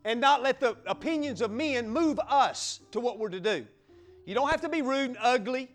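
Male pastor, high lively voice, fiery sermon delivery, faint music underneath. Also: normal speed. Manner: fiery, exuberant preaching with whoops and acted-out little scenes.

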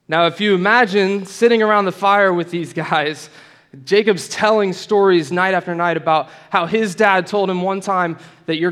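A man preaching a sermon in a relaxed, conversational storytelling way, with casual asides to the room. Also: fairly high pitch, long reverb tail.

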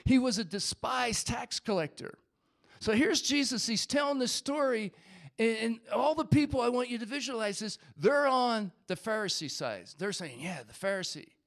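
A man with a noticeably high voice preaches a sermon. He is animated, reads scripture passages aloud, and slips into the voices of the crowd as he tells the story. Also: moderate pace, creaky.

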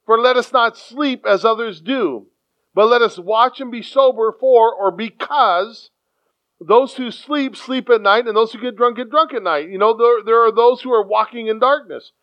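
A man preaching a sermon in an animated way, acting out quoted voices and often repeating his words. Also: very high voice, moderate pace. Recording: dull lo-fi sound.

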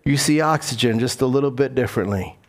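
A man's voice: mid-range voice, fast. A man preaching a sermon as pastor, repeating key phrases for emphasis and putting questions to his congregation.

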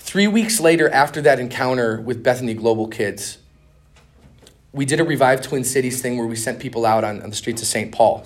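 A young man giving a conference master class, telling stories in a casual, earnest way with slang and restarts. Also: medium pitch. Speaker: conference speaker. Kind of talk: conference teaching talk.

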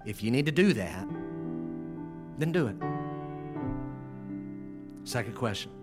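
A man preaching from the pulpit, earnest and pleading with his congregation. His voice sits in a middle register and moves between urgent exhortation and a hushed prayer tone. Faint music plays underneath. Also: mid-range voice, sing-song, slow pace. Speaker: pastor. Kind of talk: sermon.

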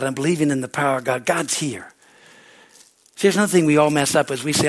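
Male pastor, sermon; fervent, repeats himself, higher-pitched voice, asks for amens. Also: fast. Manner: fervent, repetitive, call-and-response.

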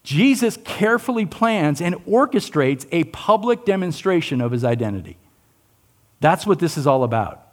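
A man preaching a sermon in a fairly high voice whose pitch swings widely. He questions his listeners, plays out quoted lines, and sinks low and quiet on his weightiest points. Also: normal speed. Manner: animated, asks the listeners questions, acts out quotes; drops low and soft on key lines. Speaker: pastor.

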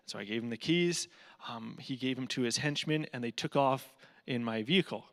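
A man's voice: medium pitch, normal speed, long reverb tail. A man giving a guest talk at a church, telling a story in a humorous, casual way. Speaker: guest speaker for a charity.

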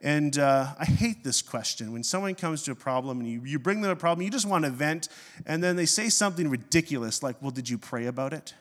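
Pastor preaching with a ringing hall echo. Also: male voice, fairly high pitch, brisk. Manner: storytelling, self-mocking, animated. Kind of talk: sermon. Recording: long hall reverb.

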